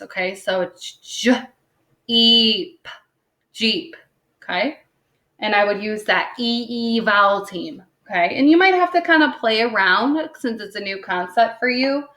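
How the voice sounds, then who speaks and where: Woman, primary school teacher, unhurried, patient, checks in constantly, recorded in an echoey room. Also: medium pitch, sharp tone. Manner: patient, checks in with "okay?" after most points; sounds words out slowly, tapping syllables. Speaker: second grade teacher. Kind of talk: recorded phonics lesson for young children. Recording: roomy echo.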